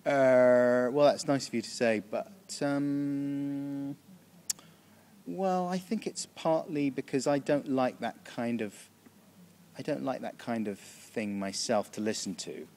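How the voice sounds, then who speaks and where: Backstage, a British comedian answers interview questions in a casual, rambling way, chuckling and cutting himself off to restart sentences. His medium-pitched voice is darkish and fairly even in intonation, and he speaks slowly.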